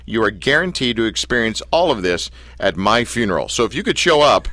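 A man's voice: mid-range voice, big pitch swings, fairly quick, pushed and bright, no echo. A man hosting a casual interview show, telling rambling stories and teasing his guest. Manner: playful, rambling storyteller who teases his guest. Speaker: radio show host.

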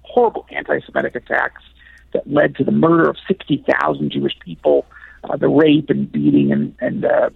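Gravelly man on a phone line. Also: a little high, little pitch movement, moderate pace, no echo. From United States. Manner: rambling, many fillers and restarts. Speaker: author guest. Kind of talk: radio interview.

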